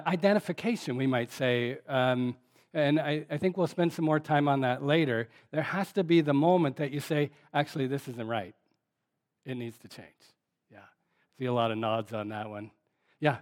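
A man's voice: on the high side, lively intonation, normal speed. A male pastor giving an interactive sermon, repeating the congregation's answers and talking conversationally with frequent fillers. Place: church sanctuary.

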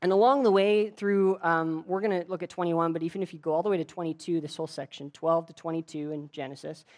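A woman preaching a sermon in a relaxed, conversational way, retelling a story with frequent restarts. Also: fairly low pitch, fast. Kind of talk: casual sermon.

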